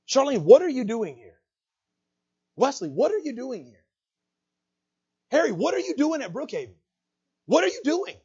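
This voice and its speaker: A man preaching a sermon in a church, earnest and full of restarts, sometimes rising to near-shouts. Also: on the high side, husky, dull audio. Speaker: pastor. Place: church sanctuary.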